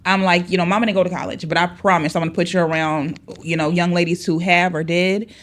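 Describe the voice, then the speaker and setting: A mother chatting casually on a podcast, lively, often quoting what she tells her kids. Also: on the low side, fast. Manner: lively, quotes herself talking to her kids. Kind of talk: casual chat.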